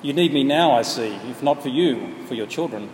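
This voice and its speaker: A kindly gardener who answers gently and firmly, voiced by a preacher. The voice stays soft and measured, close to the preacher's own mid-range. It echoes in a large hall. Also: male voice, mid-range voice, lively intonation, natural voice. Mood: solemn. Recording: echoey hall, faint background noise.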